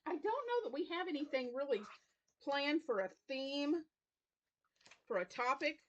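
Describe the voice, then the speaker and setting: Bright-voiced chatty woman crochet vlogger. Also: high-pitched, animated, measured pace, lo-fi sound. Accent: Southern US. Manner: rambling, chatty, with many fillers and apologies. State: yawning, tired. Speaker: crochet channel host. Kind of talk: casual weekly update vlog.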